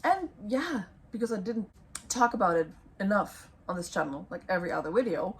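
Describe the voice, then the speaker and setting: A young woman chatting through book recommendations in a loose, rambling vlog. She hesitates often, corrects herself mid-sentence and fills gaps with ums. Her voice is wearing thin, as if she is losing it, and sits at an ordinary middle pitch. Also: expressive, brisk, a little hiss or hum. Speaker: book vlogger.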